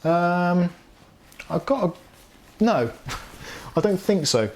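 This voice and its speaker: A man's voice: high voice, sing-song, takes it slowly, a little hiss or hum. A middle-aged man hosting a casual live tech chat stream, reading viewer comments aloud and laughing often.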